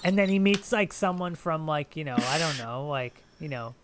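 A man's voice: a little high, expressive, normal speed, a crowd in the background. A man co-hosting a podcast, chatting casually and rambling through anecdotes with quoted voices. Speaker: podcast co-host.

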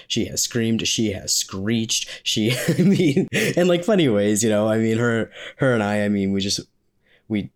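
A young adult vlogger from Maine, US, has a fairly low pitch and a darkish tone. His Q&A vlog is laid-back, with rambling answers, jokes and frequent laughs.

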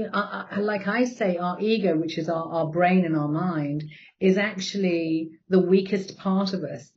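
A woman's voice: medium pitch, darkish tone. A woman hosting a podcast, speaking in an encouraging, emphatic way about spirit and ego. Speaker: podcast host. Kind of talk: spiritual talk. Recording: dull lo-fi audio.

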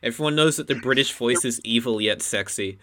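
A man's voice: medium pitch, a little fast, bright, forceful tone, slight background noise. A man co-hosting a podcast, making wry quips and laughing often. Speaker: podcast co-host. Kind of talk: casual podcast banter.

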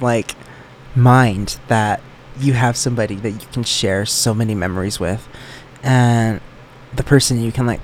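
A man's voice: medium pitch, a little mellow, a little hiss or hum. A young man hosting a solo podcast, rambling in a joking, self-deprecating way. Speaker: podcast host.

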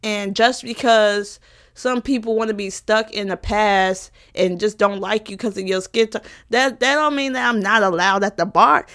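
A woman's voice: medium pitch, steady tone, normal speed, a bit bright. A woman in her twenties, a college student, talking frankly and emotionally to the camera in a casual vlog, with plenty of profanity. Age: 20s. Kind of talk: candid personal vlog talk.

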